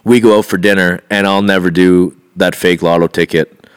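Male co-host, lively casual storyteller who acts out the quotes and laughs easily. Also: low voice, moderate pace, clean tone. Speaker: podcast co-host. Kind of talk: casual chat.

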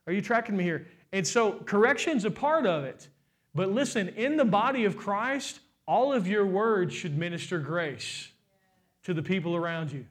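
Young male pastor, high-pitched, sermon delivery with rising shouted emphasis. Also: animated, normal speed. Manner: preaching, building to shouts, asks the congregation questions.

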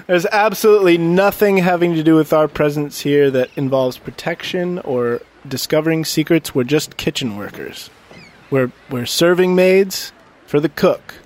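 A man's voice: a little high, normal speed, darkish tone. A man playing a tabletop game, rambling and improvising with lots of "like" and restarts. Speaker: player.

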